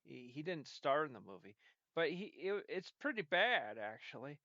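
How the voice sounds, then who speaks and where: A man's voice: on the high side, sing-song, moderate pace, sharp tone, no room sound. A man giving rambling, playful commentary over a video game, sometimes singing snippets. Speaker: game streamer. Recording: dull lo-fi dry sound.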